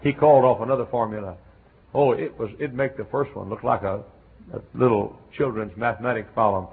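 A man's voice: mid-range voice, a little fast. A middle-aged man with a Southern American accent preaching a folksy, storytelling sermon. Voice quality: gravelly. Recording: tinny lo-fi phone-like recording.

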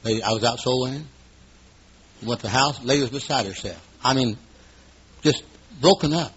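Very husky fifty-something preacher, dramatic. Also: male voice, medium pitch, moderate pace. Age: 50s. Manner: dramatic, swings between hushed asides and loud exclamations. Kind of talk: sermon. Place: room at an evening gathering. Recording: dull lo-fi recording.

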